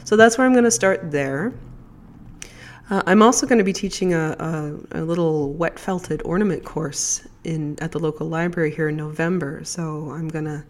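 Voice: medium pitch, steady tone, moderate pace. A podcast host with a stuffed-up voice from a lingering cold, talking in a chatty, rambling way. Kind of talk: casual solo podcast chat.

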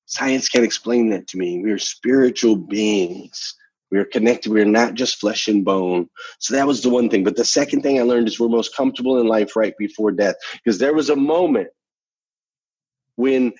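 A man's voice: on the low side, moderate pace, a little mellow, husky, dry recording, dull audio. A man telling a personal story in conversation, earnest and emphatic, repeating phrases for effect. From United States. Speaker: interview guest.

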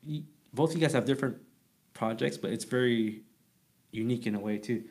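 Fast-talking man from Hawaii. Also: mid-range voice, a little mellow. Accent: Hawaiian Pidgin. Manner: fast, rambling, stumbles and repeats words. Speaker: podcast guest. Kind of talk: casual chat.

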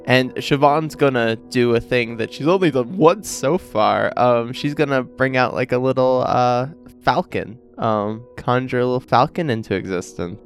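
A man at mid pitch playing a tabletop game, rambling and hesitant, often restarting his sentences. Faint music sits in the background. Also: normal speed, hardly any pauses. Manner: rambling, hesitant, filler-heavy. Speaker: player. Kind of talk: casual tabletop game play.

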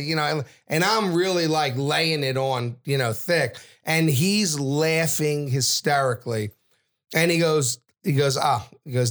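A middle-aged man, telling a story as a podcast guest and acting out every character in loud, brash voices. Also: mid-range voice, moderate pace. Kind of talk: animated storytelling.

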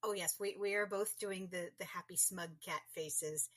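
Lowish breathy lady hosting a podcast, gushy and excited, dry sound. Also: normal speed, no room sound. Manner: warm, effusive, gushing. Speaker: podcast host. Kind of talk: casual podcast chat.

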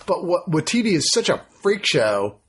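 A man chatting casually about films, enthusiastic and animated. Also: fairly high pitch, normal speed, a little hiss or hum. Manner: enthusiastic, animated, quotes people in put-on voices. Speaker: podcast co-host reviewing films. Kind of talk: casual chat.

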